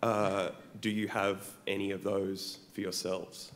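A man's voice: deep voice, flat delivery, slow. A man from the audience asking a friendly, rambling question.

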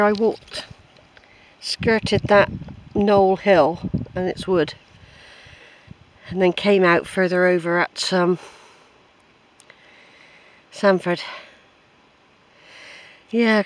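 A man's voice: high voice, poor audio. A man chatting to viewers while hiking outdoors, rambling and friendly, filmed on a handheld camera. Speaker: hiker filming his walk. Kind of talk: casual walking vlog. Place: outdoors on a hillside path.

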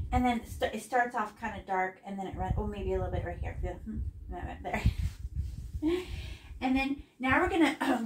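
A woman teaching a painting lesson for kids, chatty and exclaiming, with sing-song word play. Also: a little high. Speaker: art teacher. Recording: echoey room with faint noise.

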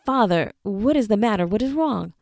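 A woman's voice: medium pitch, animated, moderate pace, a little mellow, dry recording, studio quality, close to an everyday voice. A woman voicing an earnest young man who pleads with his father and fights back tears, read for an audiobook. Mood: earnest, worried. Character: earnest young adult son, proud and grieving.

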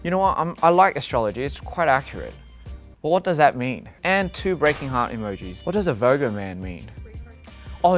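A man's voice: medium pitch, fairly bright tone. A young man from Australia casually reading fan tweets aloud, playful and self-deprecating, often breaking into laughter.

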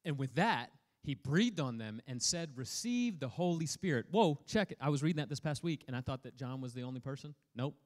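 A man's voice: medium pitch, animated, fairly quick, few pauses. A man preaching a sermon as a pastor, casual and joking, reading scripture aloud and breaking off to comment on it. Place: church hall.

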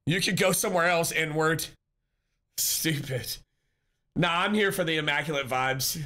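Bright-voiced chatty male streamer. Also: on the high side, a little slow. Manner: upbeat, chatty, greets and answers chat by name. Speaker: live streamer. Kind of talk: casual live-stream chat with viewers.

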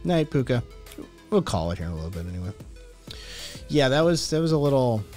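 A man's voice: medium pitch, sing-song, fairly quick, a little mellow. Podcast host, male, loose profane rambler, faint music in the background. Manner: profane, rambling, reacting to chat. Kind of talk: casual livestream chat.

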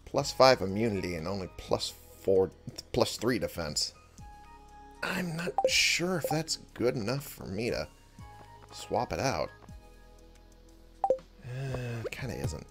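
A gaming video host chats to himself while playing, giving casual let's-play commentary with game music in the background. His voice sits fairly low and swings widely in pitch, and he takes his time, pausing often.

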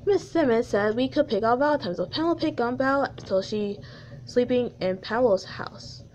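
A woman's voice: fairly high pitch, moderate pace, a little mellow, slight background noise, natural voice. Woman reading as a know-it-all little girl. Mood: explaining. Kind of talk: reading a fan story aloud.

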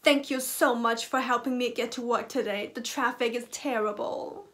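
A cheerful, chatty male talk-show host, put on by a woman. He sounds breezy and thankful and speaks in a high, light voice. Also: steady tone, normal speed, a bit bright, natural voice. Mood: grateful.

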